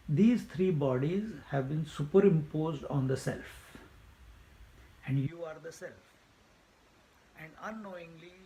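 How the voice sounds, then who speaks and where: A man's voice: on the high side, mellow, low-quality recording. A man teaching a spiritual discourse, emphatic and repetitive, laughing at his own jokes. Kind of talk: Vedanta discourse.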